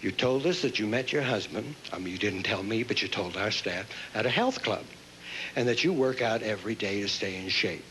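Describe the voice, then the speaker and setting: A man hosting a pageant, interviewing contestants on stage with quick, joking banter. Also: fairly low pitch, animated, a bit bright. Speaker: pageant host. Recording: noisy live stage recording.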